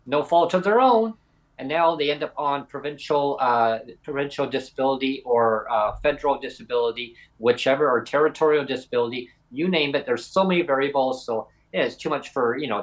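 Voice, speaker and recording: With a mid-range voice on a low-quality recording, a podcast co-host turns combative, speaking directly to a critic he refers to as "bud" during the discussion.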